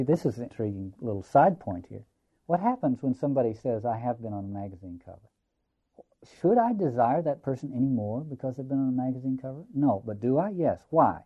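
A man's voice: medium pitch, big pitch swings, a little fast, husky, phone-quality sound. A man giving a lecture on a play, musing and reflective, repeating phrases for emphasis.

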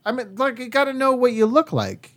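A man's voice: extremely high pitch, very animated, fairly quick. A man from Boston, an actor, talking casually and rambling, swearing freely as he chats. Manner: rambling, swearing, self-deprecating. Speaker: actor, podcast guest. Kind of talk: casual chat.

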